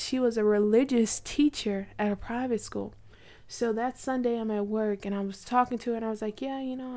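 A woman's voice: fairly high pitch, a little mellow. A woman in her twenties casually telling a personal faith story, chatty, with lots of likes and you knows. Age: 20s.

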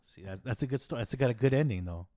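A man's voice: mid-range voice, expressive, fast, mellow. A man co-hosting a podcast in casual chat, laid-back, starting over often and swearing casually. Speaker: podcast co-host.

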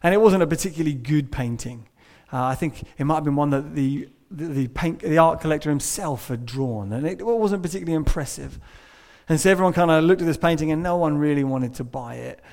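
A man's voice: on the high side, fairly quick, gravelly. Man preaching a sermon. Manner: storytelling, shifting between hushed and emphatic.

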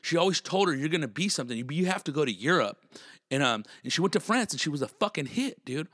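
A man's voice: a little high, sing-song, fast talker, a bit bright, no room sound, clean studio sound. A man hosting his own podcast, a comedian telling a travel story in a casual, rambling way with lots of swearing and fillers. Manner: laid-back, swears often, many fillers.

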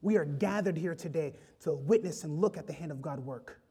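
A man's voice: a little high, a little fast, warm tone, slightly rough. A man preaching an impassioned sermon, rising and falling in intensity. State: choked up with emotion.

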